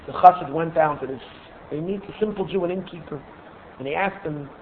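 Male religious teacher, storytelling lesson, halting delivery with repeated words, slightly high voice, lo-fi phone-like sound. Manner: halting, repeats words while searching for phrasing. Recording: tinny phone-like recording, faint hiss.

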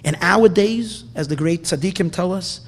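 A man giving an impassioned sermon, moving from soft, quiet stretches to loud, emphatic bursts and often repeating words. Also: sits high, moderate pace. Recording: long hall reverb.

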